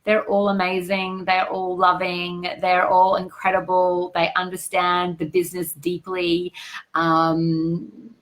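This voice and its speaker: A woman's voice: lowish voice, completely flat delivery, slow, rough recording. A woman hosting a live stream as a business coach, greeting viewers by name and giving effusive motivational talk.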